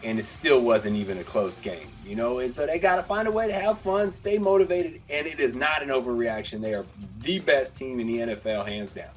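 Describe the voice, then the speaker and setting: A man's voice: mid-range voice, animated, a little fast, faint music behind. A man who played pro football, co-hosting a sports podcast, analytical and emphatic with frequent restarts. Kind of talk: casual sports podcast chat.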